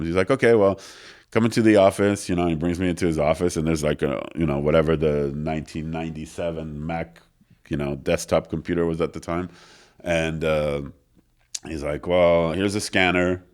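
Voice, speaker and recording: A man with a rumbling low voice, speaking at a moderate pace, tells a long, animated story as an interview guest in a studio. He acts out the other characters and uses plenty of filler words.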